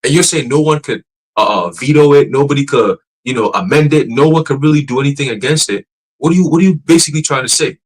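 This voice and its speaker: Animated, profane man preaching casually. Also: mid-range voice, quick pace, poor audio. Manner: animated, profane, laughing, many restarts. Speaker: church teacher.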